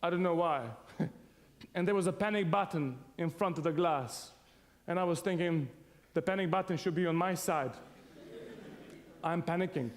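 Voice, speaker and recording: A man's voice: high voice, normal speed, in a large hall. A man from Serbia tells a funny personal story to an audience, laughing often as he goes. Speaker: speaker telling his story to an audience. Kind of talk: humorous personal testimony.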